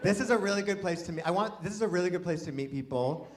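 A man's voice: sits high, quick pace, some chatter behind. A man performing a stand-up comedy set in front of a live audience, talking in a rambling, self-deprecating way, full of false starts and restarts. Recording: live room with audience laughter. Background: audience laughing.

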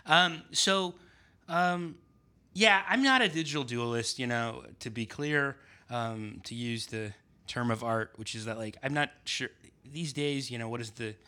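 Casting: man, bright forceful tone, hesitant and full of fillers, relaxed chat. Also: medium pitch, smooth. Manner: halting, many fillers and restarts. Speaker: podcast guest, essayist. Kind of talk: casual conversation.

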